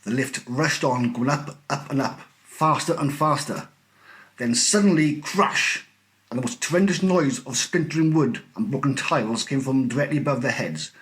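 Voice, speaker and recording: Teacher guy reading a kids book out loud, lively and expressive. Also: medium pitch, moderate pace. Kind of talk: storybook read-aloud.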